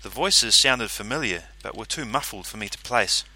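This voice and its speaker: A man's voice: on the low side, animated, normal speed, sharp tone, no room sound. A man reading a first-person story aloud, in a dry, matter-of-fact narrating manner.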